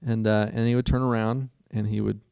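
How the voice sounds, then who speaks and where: A man's voice: fairly low pitch, flat delivery, fairly quick, gravelly, darkish tone, clear, resonant tone, no room sound, clean studio sound. A man co-hosting a casual talk show who tells stories in an earnest, rambling way. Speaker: co-host. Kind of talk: casual chat.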